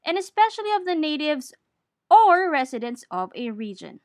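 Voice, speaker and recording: A woman giving a scripted lesson on training, in a clear, deliberate teaching manner. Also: high-pitched, big pitch swings, a little mellow, no room sound, clean studio sound. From Philippines. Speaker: accent trainer.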